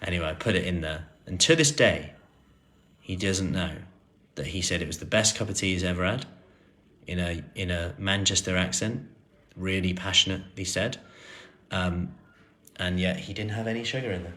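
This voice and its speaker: A man in his thirties, a personal trainer chatting through viewer questions on a live stream, relaxed with plenty of fillers and restarts. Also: low-pitched, moderate pace.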